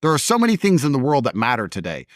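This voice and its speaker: A man's voice: mid-range voice, wildly swooping pitch, very fast, dry recording, studio quality. A man in a casual conversation, telling stories in a blunt, emphatic way.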